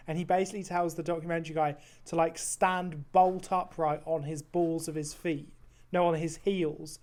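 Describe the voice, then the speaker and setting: A man's voice: a little high, little pitch movement, normal speed, a little mellow. A man co-hosting a podcast, rambling through anecdotes full of "like" and swearing in a casual chat. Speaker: podcast co-host. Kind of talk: casual chat, animated storytelling.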